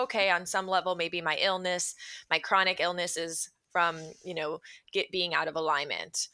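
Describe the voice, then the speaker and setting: Bright-voiced woman podcast host. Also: fairly low pitch, dry recording. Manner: thoughtful, affirming, talks in long winding sentences. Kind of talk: interview conversation.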